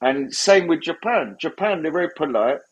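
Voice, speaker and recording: A man's voice: on the high side, animated, normal speed, husky, lo-fi sound. A middle-aged man, telling sarcastic, jokey anecdotes in a casual interview. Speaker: guest DJ.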